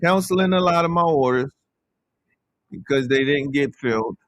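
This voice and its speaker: A man coaching day trading as he trades live, talking in a chatty, animated way and speaking to the market out loud. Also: on the high side, moderate pace, dry recording.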